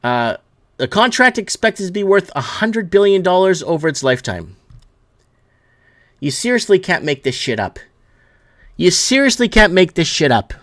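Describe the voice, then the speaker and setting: A man's voice: high-pitched, big pitch swings, normal speed, pauses often, a bit bright. A man hosting a solo news commentary show, reading headlines and ranting angrily with lots of swearing, stumbling and repeating himself as he gets worked up. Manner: angry, profane ranting, reading headlines aloud. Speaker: host.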